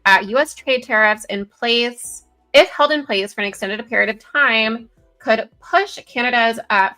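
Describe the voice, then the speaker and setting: A woman co-hosting a casual political commentary show over a video call, chatty and giggly, reading news aloud with quick asides. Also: medium pitch, sharp tone. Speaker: co-host. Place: home, virtual background.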